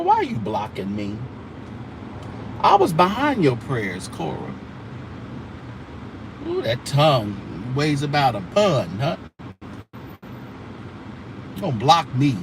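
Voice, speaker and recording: A man hosting casual church gossip commentary, sassy and drawling, with mocking mimicry of the people he talks about. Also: fairly high pitch. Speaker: host. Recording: outdoor traffic noise.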